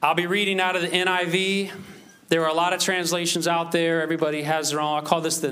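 Lively pastor preaching. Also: male voice, fairly high pitch. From United States. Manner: lively, conversational preaching with rising emphatic scripture reading. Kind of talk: sermon.

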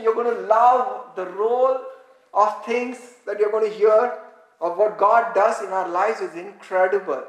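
High-voiced woman preacher, super lively, getting the crowd to say words back, big echoey room. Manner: animated, asks the congregation to repeat words, reads scripture aloud. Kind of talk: interactive sermon, teaching with call-and-response.

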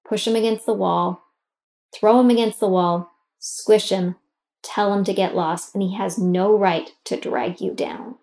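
A woman's voice: mid-range voice, a little slow, vocal fry, a little mellow. A middle-aged woman hosting and guiding a self-help exercise, coaching the listener directly with emphatic, encouraging instructions.

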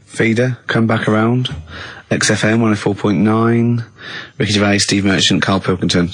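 An English man in his forties hosting a radio show, telling rambling, bumbling stories and breaking into high laughs. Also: steady tone, moderate pace. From England. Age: 40s. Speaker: radio host. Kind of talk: casual radio banter.

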